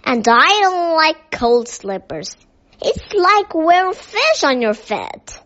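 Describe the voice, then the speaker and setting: A woman voicing a cross, bellowing old Father Christmas who talks loudly in exasperation, in a dull lo-fi recording. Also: high voice, big pitch swings, very slow, exaggerated voice. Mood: exasperated. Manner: loud and exasperated.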